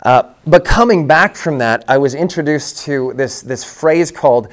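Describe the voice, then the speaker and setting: A man's voice: on the high side, normal speed, few pauses. A middle-aged man, a lead pastor, telling his own story in a conference breakout session, candid and conversational, often restarting his sentences.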